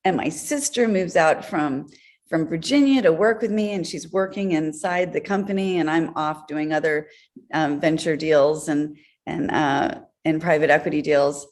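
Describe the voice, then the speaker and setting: Woman, interview guest, lower-pitched, animated storyteller, laughs. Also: normal speed. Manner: animated, laughs while telling stories. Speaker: guest, entrepreneur. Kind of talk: conversational storytelling.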